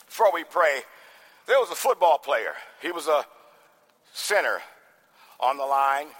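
A man preaching a sermon as pastor, swinging from soft talk to shouting. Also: on the high side, very animated, measured pace, long pauses. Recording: long hall reverb.

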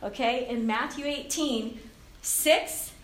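A woman in her fifties giving a casual Christian talk to young people, chatty and animated, often laughing and acting out the voices in her head. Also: on the high side, slow, a little hiss or hum. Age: 50s. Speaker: youth speaker. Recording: roomy, distant hall mic with faint ambience.

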